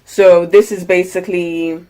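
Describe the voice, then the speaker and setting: Chatty woman, low voice. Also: little pitch movement, unhurried, a little mellow. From United Kingdom. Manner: chatty, rambling, lots of fillers. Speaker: lifestyle vlogger. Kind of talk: casual grocery haul chat. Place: at home.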